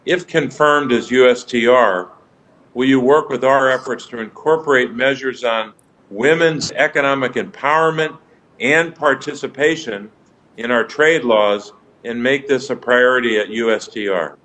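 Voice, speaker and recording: A man, a senator joining remotely, making formal, deliberate remarks to a nominee at a hearing. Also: medium pitch, fairly bright tone, rough recording. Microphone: remote video link.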